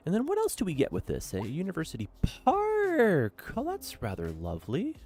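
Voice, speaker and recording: Streaming a city-building game, this young man keeps up a cheerful, talkative commentary and frequently tags his lines with "eh." He speaks fast at medium pitch with a dark tone and wildly swooping intonation, over soft background music.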